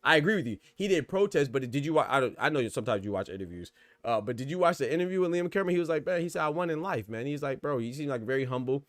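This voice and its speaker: A man's voice: mid-range voice, animated, very fast, dry recording, clean studio sound. A man hosting a boxing podcast, talking in a loose casual way and often saying "bro" and "you know what I'm saying". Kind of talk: casual chat reacting to live chat.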